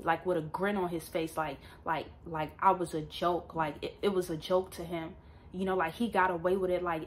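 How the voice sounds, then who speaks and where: A young woman vlogger at home, telling a personal story to camera in an emphatic, animated way and often addressing her viewers directly. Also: fairly low pitch, a little fast, a little hiss or hum. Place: at home with a dog nearby.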